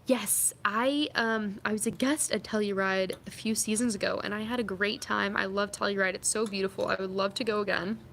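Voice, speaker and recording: A woman's voice: mid-range voice, fairly even intonation, brisk, vocal fry, few pauses, fairly bright tone, a little hiss or hum. A young woman vlogging, chatting casually and reading out viewer comments, upbeat and full of fillers. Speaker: vlogger and athlete.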